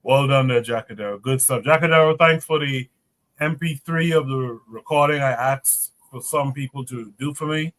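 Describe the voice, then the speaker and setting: A man runs a casual podcast livestream and passes the mic from guest to guest. His voice is bright and forceful. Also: medium pitch, normal speed. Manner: leads the show and hands off to each guest. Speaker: podcast host.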